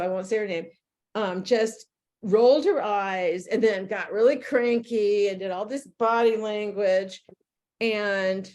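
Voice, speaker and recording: A woman's voice: on the high side, darkish tone. A middle-aged woman presenting a leadership workshop, chatting casually and telling stories with quoted dialogue. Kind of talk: casual talk to a group.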